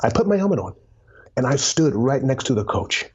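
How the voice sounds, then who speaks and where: A man's voice: mid-range voice, sing-song, fairly quick, breathy edge. A man telling a motivational story as a guest, emphatic, repeating words and dropping to a near whisper for emphasis. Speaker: guest, former pro football player and author. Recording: dull lo-fi sound.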